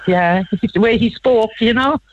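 A woman's voice: fairly high pitch, unhurried, muffled recording, a little hiss or hum. An older woman, chatting and laughing as a radio guest. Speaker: guest, wife. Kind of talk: casual chat.

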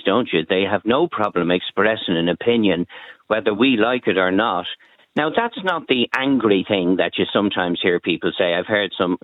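A man calling into a radio show, giving his view in a deliberate, hesitant way. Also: fairly low pitch, no room sound. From Dublin, Ireland. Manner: deliberate, hesitant, with many restarts. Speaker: caller. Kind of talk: radio call-in opinion. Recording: tinny phone line.

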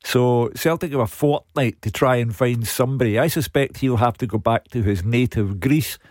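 A man's voice: mid-range voice, moderate pace, darkish tone, no room sound, clean studio sound. A man with a Scottish accent speaking as a football pundit on the radio, blunt and firm in his opinions.

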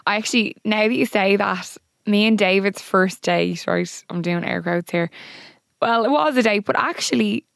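A young Irish woman chats casually on a podcast, teasing her co-host with a wry humour. Her voice carries a creaky fry, and the close mic sounds dry. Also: medium pitch, moderate pace, no room sound. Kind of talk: casual chat.

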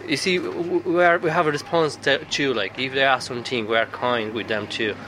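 A man with a bright, sharp voice, answering hesitantly at his workplace. Faint traffic sound is behind him. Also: medium pitch, brisk, poor audio. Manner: hesitant, polite. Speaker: petrol station worker. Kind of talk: street interview.

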